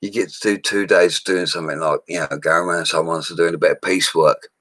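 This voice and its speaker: Deep-voiced drunk builder, loud and rambling, on a laptop stream in a dry little room. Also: male voice, fairly even intonation, quick pace, dry recording. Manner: rambling, loud and laddish, laughing often. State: drunk, slurring. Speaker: bricklayer streaming to viewers. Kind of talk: drunk casual live-stream chat. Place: small room at home, alone. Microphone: laptop microphone.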